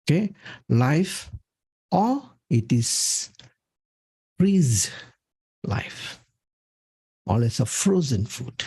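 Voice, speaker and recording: A man's voice: mid-range voice, big pitch swings, drawn-out words, pauses often, mellow, slightly rough, no room sound. A man presenting a health talk from slides, emphatic and punctuating his points with "okay". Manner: emphatic, repeats "okay" often. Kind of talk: talking through slides.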